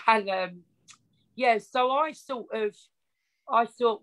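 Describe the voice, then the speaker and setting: A woman with an Essex accent talks slowly in a fairly high, fairly bright voice, captured with poor audio. Appearing as a podcast guest, she shares her life story in a casual interview, frank, chatty, and quick to mock herself.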